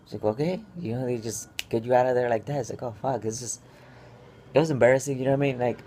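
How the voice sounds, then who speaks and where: A man's voice: medium pitch, racing, a little mellow, slight background noise. A man telling a stressed personal story in a casual vlog, rambling with many fillers and restarts. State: stressed and upset. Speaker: vlogger.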